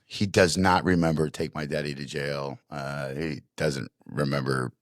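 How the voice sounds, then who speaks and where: A podcast co-host with an extremely low-pitched voice tells a funny family story at an unhurried pace, restarting often and acting out voices as an animated storyteller. The casual storytelling is recorded in studio quality with no echo.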